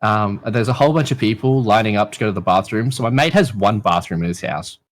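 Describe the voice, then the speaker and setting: A man's voice: lowish voice, quick pace, a little hiss or hum. A young man in his twenties with an Australian accent, a podcast guest telling stories in casual chat, swearing freely and acting out the people in them. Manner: animated, swears a lot, acts out people in stories.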